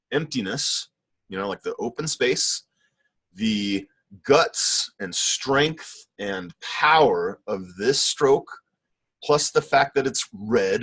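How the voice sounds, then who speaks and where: A man's voice: medium pitch, a bit bright, breathy edge. A middle-aged man teaching an online painting class, critiquing students' work in an enthusiastic, rambling way. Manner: enthusiastic, rambling, with many fillers and self-corrections. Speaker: art teacher.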